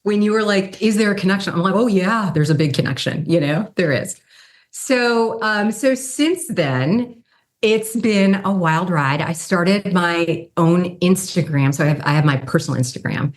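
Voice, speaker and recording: A woman in her fifties, a guest on an interview podcast, telling stories casually and acting out the people she quotes. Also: normal speed. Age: 50s. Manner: animated, acts out quoted people with pitch jumps. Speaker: guest, brand strategy consultant and model.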